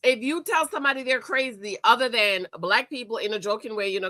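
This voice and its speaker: A woman hosting a reality TV recap, talking in a sassy, animated way and calling out the people she reviews. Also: a little high, fairly quick, few pauses, no echo. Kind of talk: casual commentary.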